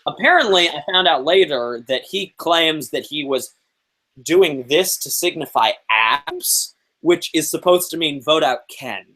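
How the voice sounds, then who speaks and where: A young man in his twenties, a guest on a chat show, telling a story in a lively, animated way, full of fillers and acted-out quotes. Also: on the high side, measured pace, poor audio. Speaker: interview guest. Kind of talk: casual storytelling.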